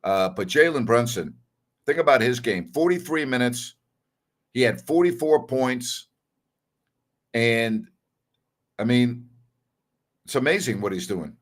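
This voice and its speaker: A male sports talk host with a middle-pitched voice riffs on last night's games, blunt and opinionated. He talks casually, repeats his points for emphasis and sometimes walks back what he just said. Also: expressive, unhurried, long pauses. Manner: conversational, with fillers and self-corrections.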